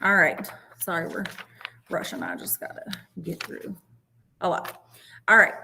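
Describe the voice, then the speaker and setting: A woman, a special education teacher giving a casual workshop talk in a chatty, self-deprecating way with quick muttered asides. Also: fairly low pitch, big pitch swings, creaky, noisy background. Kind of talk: informal presentation.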